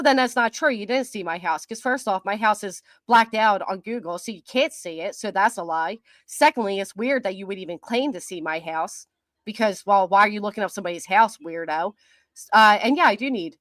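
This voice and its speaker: A woman's voice: medium pitch, fairly bright tone, no echo. Woman streamer, middle-aged, mid-range voice, sarcastic and defiant, laughs easily, close dry sound. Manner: mocking, defiant, quick to laugh. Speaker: commentary channel host. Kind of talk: livestream reading and answering viewer comments.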